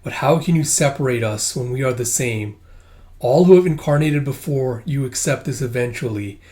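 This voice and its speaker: A dying old noblewoman, imperious and contemptuous toward her young replacement, read by a man in his everyday voice. The tone is haughty and cold, with no change in his usual middle pitch. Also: normal speed, a little mellow, close to an everyday voice. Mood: menacing.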